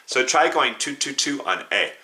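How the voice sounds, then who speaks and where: Bright-voiced man teaching beginner flute. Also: medium pitch, lively intonation, moderate pace. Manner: patient, encouraging, counts students in; sings note names and tonguing syllables. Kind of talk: beginner music lesson.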